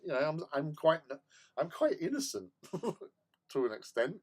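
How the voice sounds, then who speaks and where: Male hobby streamer, animated storyteller, laughs a lot, trips over his words. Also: medium pitch, normal speed. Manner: animated, laughs often, stammers and repeats words. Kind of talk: casual storytelling chat. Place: home hobby room.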